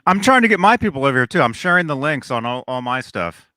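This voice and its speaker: Male co-host, animated pitch, bright and dry, hesitant, with guitar behind. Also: quick pace, no echo. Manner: hesitant, filler-heavy replies. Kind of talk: casual live-stream chat.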